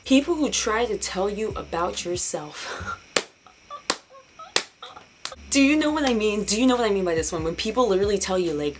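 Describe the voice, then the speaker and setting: A woman's voice: medium pitch, lively intonation, moderate pace, pauses often, a little hiss or hum, low-quality recording. A young woman ranting in a casual vlog, sarcastic and profane, slipping into mocking voices. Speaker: vlogger.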